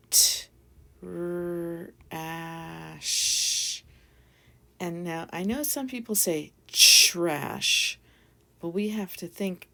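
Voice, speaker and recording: A woman teaching a phonics spelling lesson to young children, sounding out each letter slowly and deliberately. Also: lowish voice, creaky, a bit bright.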